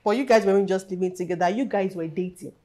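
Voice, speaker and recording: A woman's voice: medium pitch, fast, warm tone, close to an everyday voice. An actress playing a teasing young woman comforting her friend, with a Nigerian accent. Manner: teasing, laughing.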